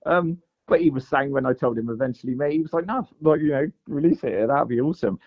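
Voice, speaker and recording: A man's voice: medium pitch, fast. A man tells his story in a loose, rambling way, peppering it with "mate" and "like". His voice sits in a middle register, and the recording sounds dull and lo-fi. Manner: rambling, full of "mate" and "like" fillers. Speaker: guest angler. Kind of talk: casual storytelling interview. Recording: dull lo-fi audio.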